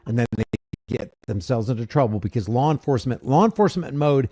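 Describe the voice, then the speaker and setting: A man in casual commentary, talking in a deliberate and critical way. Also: medium pitch, animated, mellow, husky.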